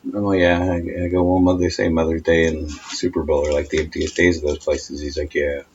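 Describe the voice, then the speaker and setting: Low-voiced man, casual podcast banter. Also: little pitch movement, a little fast. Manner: swears freely, acts out quoted voices animatedly. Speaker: podcast co-host. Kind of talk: casual chat. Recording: dull lo-fi sound with faint noise.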